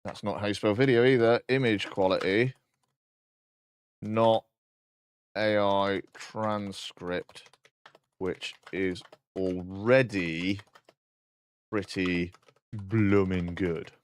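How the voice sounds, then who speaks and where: A man chatting casually on a live stream while coding, joking, swearing and dictating instructions slowly. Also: lowish voice, steady tone, clean tone.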